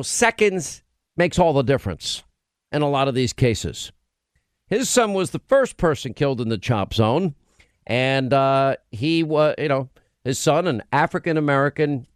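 A man's voice: medium pitch, no echo. A man hosting a talk radio show, delivering an emphatic, sarcastic monologue with frequent restarts into a studio microphone.

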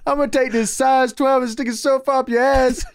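A man putting on a boastful, furious wrestler's voice, shouting over-the-top threats. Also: extremely high pitch, fairly even intonation, a little fast, clear, resonant tone, dry recording, clean studio sound, pitched above the performer's own voice. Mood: raging.

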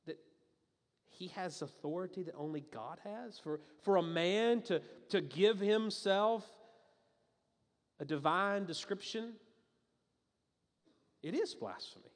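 A man preaching a sermon as a pastor, talking in a conversational and emphatic way, with frequent restarts and asides. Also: sits high. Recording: long reverb of a large hall.

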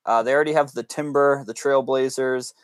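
A man co-hosting a casual sports podcast, giving quick, offhand opinions. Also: medium pitch, fairly even intonation, no echo. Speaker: podcast co-host.

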